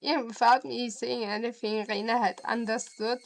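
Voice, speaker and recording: A woman's voice: fairly high pitch, steady tone, rough recording. A woman with a German accent reading a visual novel aloud on stream and chatting with viewers. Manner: slow, deliberate reading with laughs and asides to chat.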